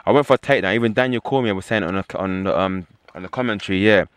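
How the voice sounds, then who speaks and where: A young man rattles through his story at a fast clip, voice sitting fairly low. The sound is dry and close, with no room around it. He keeps circling back to "you know what I mean" as he talks. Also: smooth, no room sound. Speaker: professional fighter as guest. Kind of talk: casual interview talk.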